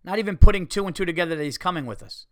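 A man with a somewhat high voice tells a story in a loose, lively way, cursing freely and acting out other people and the noises around him. The recording is close and dry, with no room sound at all. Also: racing, no echo. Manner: animated, swearing, acts out quotes and sound effects. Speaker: podcast host and comedian. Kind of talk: casual storytelling.

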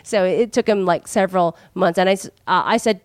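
A woman's voice: lowish voice, brisk, no echo. A woman comedian in casual podcast chat, rambling with many "like"s. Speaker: comedian guest.

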